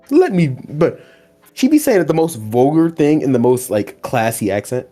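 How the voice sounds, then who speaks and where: Soft music sits under this podcast host's fairly high voice, which keeps a measured pace. He recaps anime episodes casually, acting out the characters' lines with animated flair and frequent laughter.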